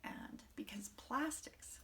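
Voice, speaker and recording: A woman's voice: slow, whispered, far from the mic. A woman teacher giving a morning message lesson to young children, talking in a sing-song way and asking the class questions.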